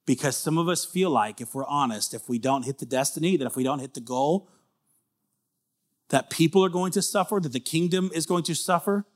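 A man in his thirties preaching a sermon in a conversational way, building to loud emphatic peaks. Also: on the high side, a little fast. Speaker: pastor.

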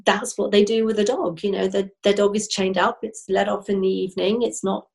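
A woman's voice: mid-range voice, fairly even intonation, brisk, gravelly, darkish tone. Chatty woman hosting a podcast. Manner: chatty, laughs easily. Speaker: podcast host. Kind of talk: casual chat.

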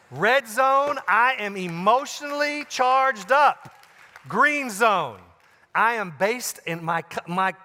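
A male pastor preaching a sermon, swinging from loud emphasis to quiet, low asides. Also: long reverb tail. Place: large church auditorium.

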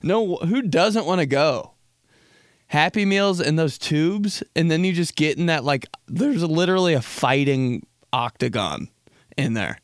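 A male podcast host spins rambling, crude comic stories and breaks into laughter often. His voice is lively, swinging freely up and down. The sound is dry and close to the mic. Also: on the high side, measured pace, no room sound. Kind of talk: comedic storytelling chat.

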